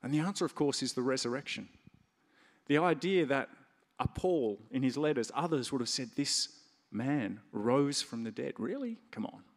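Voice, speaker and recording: Male pastor, mid-pitched, conversational sermon delivery with punchy stresses, reverberant hall. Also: normal speed. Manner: conversational preaching, lively stresses.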